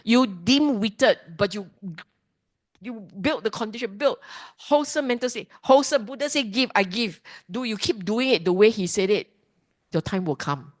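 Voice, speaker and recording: A woman teaching a dharma class, lively and emphatic, often putting questions to the class. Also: mid-range voice, moderate pace. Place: class hall.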